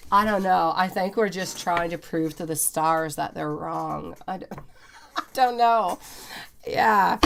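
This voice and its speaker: A woman's voice: lowish voice, vocal fry. A woman, chatting on a live-stream tarot reading and calling her viewers sweetie. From Quebec, Canada. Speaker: tarot reader.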